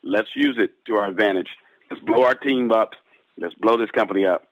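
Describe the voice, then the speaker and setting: A man, a pastor, giving closing remarks on a conference call, unhurried, clearing his throat between thoughts. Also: lowish voice, lo-fi sound.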